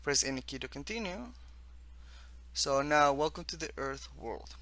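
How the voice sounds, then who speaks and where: A student from the US East Coast demos a simple text adventure he built, reading each line off the screen aloud and adding his own asides in a casual walkthrough. His voice is fairly high, bright, and forward, with lively intonation, and he reads haltingly, restarting phrases. The recording is close and dry, with no room sound.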